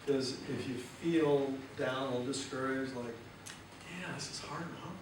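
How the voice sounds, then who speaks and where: A man speaking as a motivational seminar speaker in a lively way and asking the audience questions. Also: mid-range voice, measured pace. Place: large hall with audience. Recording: echoey hall, distant mic, noisy.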